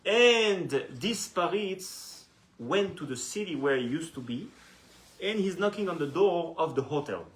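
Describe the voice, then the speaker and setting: A rabbi tells a long story to his class, animated and repetitive, often restarting his sentences. His man's voice sits fairly high, and the room around him sounds echoey. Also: a little slow. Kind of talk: storytelling lesson.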